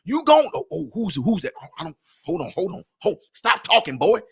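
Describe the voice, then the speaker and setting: A man voicing an old man who scolds and hushes a younger man, in a drawling voice. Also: high voice, very animated, fairly quick, creaky, breathy edge, heavily acted. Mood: hushed warning.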